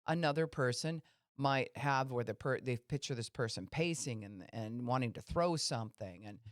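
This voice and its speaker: A woman's voice: extremely low pitch, moderate pace, no room sound, studio quality. A woman pastor giving a conversational teaching talk on a podcast, explaining and asking listeners questions.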